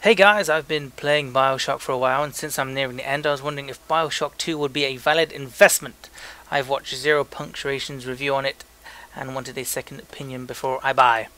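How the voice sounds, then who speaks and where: A young man reads listener emails aloud on a casual podcast, joking and stumbling as he goes. His voice is bright and forward. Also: medium pitch, steady tone, fairly quick, few pauses. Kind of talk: casual chat.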